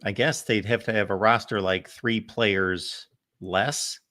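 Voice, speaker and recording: A man with a slightly low but bright, forceful voice weighs up a point in casual sports chat. He talks in a measured, analytical way and thinks aloud as he goes. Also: fairly even intonation. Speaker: college football podcast co-host.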